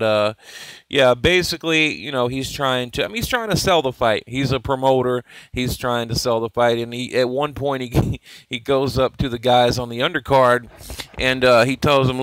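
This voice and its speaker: Rambling man with a smooth, dry voice. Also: mid-range voice, fairly bright tone, no echo, poor audio. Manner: rambling, laid-back, many fillers, chuckles. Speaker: boxing YouTube host. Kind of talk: casual fight commentary.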